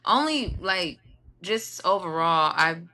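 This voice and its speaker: A woman in her thirties speaks as an interview guest. Her voice is low but bright and forward. She rambles casually with plenty of fillers. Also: lively intonation, slow pace. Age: 30s. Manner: rambling, filler-heavy talk. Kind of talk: casual chat.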